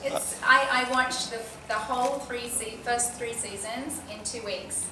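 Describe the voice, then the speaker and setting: A woman's voice: a little high, fairly even intonation, measured pace, a crowd in the background. A woman in her forties, chatting casually as a convention panel guest and laughing often. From Australia. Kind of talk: casual Q&A chat. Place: large convention hall. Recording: echoey hall, from far off, noisy.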